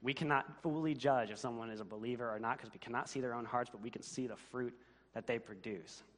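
Earnest pastor preaching in a reverberant hall. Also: male voice, mid-range voice, quick pace, fairly bright tone. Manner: earnest, rising to emphatic questions. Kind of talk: sermon. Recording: long reverb of a church hall.

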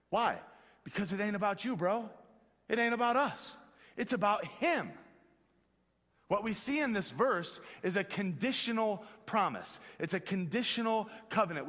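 A man preaching a youth sermon in a casual, slangy, animated way, talking straight to his audience. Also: sits high, in a large hall. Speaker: pastor.

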